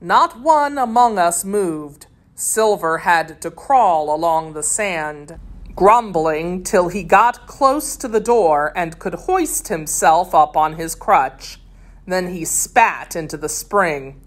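A woman reading a children's adventure story aloud with steady, expressive storytelling. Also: on the low side, slow pace. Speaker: narrator.

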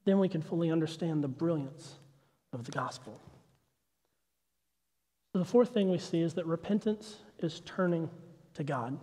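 Male pastor, 30s, high voice, lively story-driven sermon in a reverberant sanctuary. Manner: animated storytelling, acts out his son's confused voice. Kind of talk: sermon with personal stories. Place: church sanctuary.

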